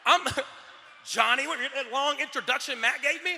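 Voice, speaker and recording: A man with a very high, piercing bright voice works a big crowd from the stage, preaching and joking by turns. His voice rings with a long reverb in a large hall, and he swings from quiet murmurs to shouted punchlines. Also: moderate pace, gravelly. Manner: preaching, playful, drops to a murmur, then bursts out shouting. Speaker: motivational speaker. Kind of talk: stage talk to a live audience.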